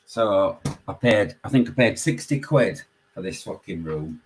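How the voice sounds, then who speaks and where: A man with a Yorkshire accent, calling in and telling a story in casual chat, swearing constantly and animated. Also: low voice, unhurried, poor audio. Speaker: caller.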